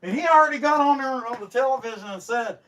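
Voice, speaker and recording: High-voiced rambling man. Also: fast, rough recording. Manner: rambling, folksy, grumbling banter. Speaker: chainsaw carver and livestream host. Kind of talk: casual livestream chat while working. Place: outdoor carving workshop. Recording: loud outdoor noise behind.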